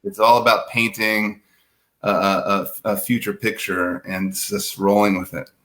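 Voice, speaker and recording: A man speaking as a guest in a live video-call interview, halting and repeating words as he searches for them. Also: lowish voice, level tone, fairly bright tone. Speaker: guest from a nonprofit network.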